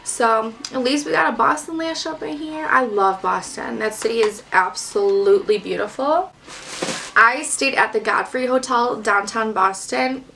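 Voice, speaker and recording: A woman's voice: a little high, moderate pace, vocal fry, bright, forceful tone, recorded from a distance, a little hiss or hum. A young woman from the Detroit area, chatting casually about makeup in a bubbly way, full of "like" fillers. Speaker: beauty vlogger. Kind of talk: casual makeup chat to camera. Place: at home, in front of a mirror.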